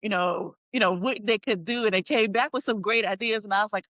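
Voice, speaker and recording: Woman, podcast host, casual chat, middle pitch, dry close recording. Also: quick pace, no room sound. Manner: animated storytelling, acts out quotes.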